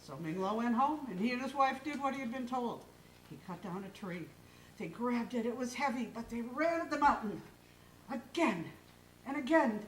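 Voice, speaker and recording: A woman storyteller with a fairly high voice tells a folk tale in a lively, expressive way. She is heard from far off in an echoing hall. A faint hum of ambience sits behind her. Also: moderate pace. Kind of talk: folk tale told aloud on stage. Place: live stage in a hall.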